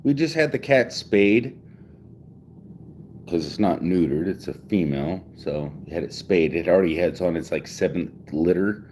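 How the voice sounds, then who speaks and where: A man's voice: sits low, lively intonation, normal speed, darkish tone, slight background noise. A man in his forties talking casually at home, rambling with lots of swearing and restarts. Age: 40s. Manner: profane, rambling, restarts often. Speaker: vlogger.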